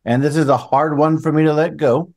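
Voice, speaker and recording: A man's voice: on the high side, steady tone, brisk, darkish tone. Enthusiastic male podcast co-host. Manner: enthusiastic, chatty. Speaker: co-host, chemistry teacher. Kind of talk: podcast co-hosting chat.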